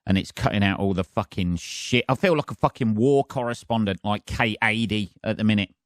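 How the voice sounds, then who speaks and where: A man hosting his own podcast from his flat, ranting casually with lots of swearing and sarcasm. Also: fairly low pitch, brisk, dry recording, clean studio sound. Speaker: podcast host. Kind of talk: casual solo podcast rant. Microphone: decent home podcast setup.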